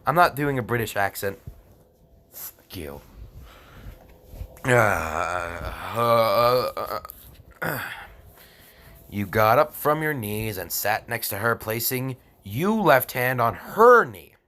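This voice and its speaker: Young guy slowly reading bad fanfic out loud, sarcastic comments, laughs a lot, medium voice. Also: medium pitch, animated. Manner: sarcastic asides, frequent laughter, stumbles over words. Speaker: fan fiction reader.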